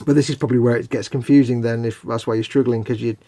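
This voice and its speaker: A man's voice: mid-range voice, steady tone, fast talker, mellow. Rambling man on a live stream. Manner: rambling and explanatory, with hedges and restarts. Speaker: co-host of a live hobby stream. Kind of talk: casual chat.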